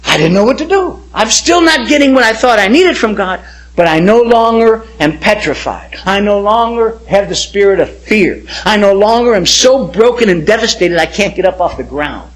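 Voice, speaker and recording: A man's voice: high voice, expressive, normal speed, poor audio. A middle-aged pastor, a man, telling his personal testimony in an emphatic, impassioned sermon style.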